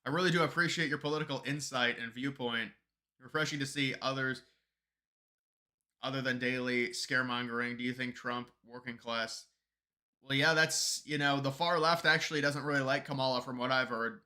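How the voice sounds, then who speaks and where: Bright-voiced, heated male live streamer. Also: medium pitch, fairly even intonation, moderate pace. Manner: argumentative, gets heated and emphatic; restarts and repeats words often. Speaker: live streamer reading viewer chat. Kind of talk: political live-stream commentary.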